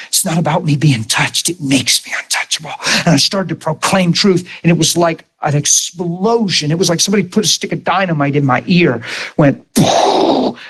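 A man preaching a sermon, telling his own story, dropping to a hush and then raising his voice to drive a point home. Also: a little high. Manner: testimony swinging from hushed to raised voice.

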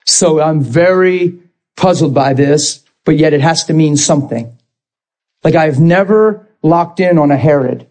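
A man's voice: a little high, a little slow, darkish tone. A man preaching a sermon, impassioned and rising to emphatic bursts.

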